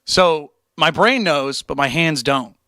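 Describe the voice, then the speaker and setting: Young man, live streamer, casual chat, blunt encouraging, bright voice, dry sound. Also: a little high, takes it slowly, no echo. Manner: blunt, encouraging, swears, animated tangents.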